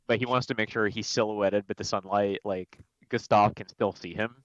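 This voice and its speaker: A man's voice: on the low side, steady tone, normal speed, dry recording, dull audio. A man playing in a tabletop game, rambling casually about his character. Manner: rambling, laughs through his lines. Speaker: player.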